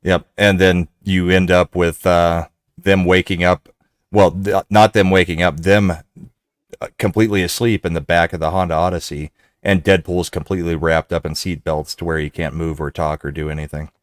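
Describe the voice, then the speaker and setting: A man's voice: low-pitched, fairly even intonation, moderate pace, smooth, no echo, studio quality. A man co-hosting a podcast who chimes in with corrections and extra details during a casual film chat. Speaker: podcast co-host. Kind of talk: casual movie review chat.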